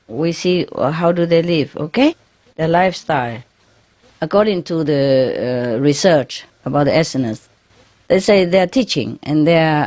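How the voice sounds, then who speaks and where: Low-voiced woman giving a chatty spiritual talk. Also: darkish tone. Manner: chatty, laughs often, ends phrases with "yeah?"; non-native English grammar, frequent fillers and restarts. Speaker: spiritual teacher. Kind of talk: informal spiritual talk to followers.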